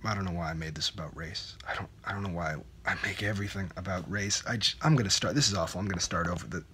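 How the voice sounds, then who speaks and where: A man's voice: deep voice, fast, pushed and bright, a little hiss or hum. Jakey, a stammering, awkward young man, as a man plays him. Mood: rambling confessional. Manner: rambling, stammering, with frequent restarts. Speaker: main character. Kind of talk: low-budget comedy web series acting.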